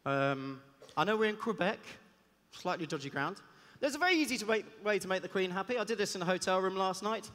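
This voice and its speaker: Man, high animated voice, bright tone, hall reverb. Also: brisk. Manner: chatty, self-deprecating, jokey asides. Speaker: conference speaker and cellist. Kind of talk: lively stage talk. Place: large hall on stage. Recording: long reverb of a big hall.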